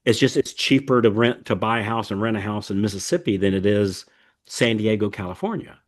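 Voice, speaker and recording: Male podcast host, lowish voice, folksy and rambling, lots of fillers. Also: brisk. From United States. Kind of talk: casual podcast chat.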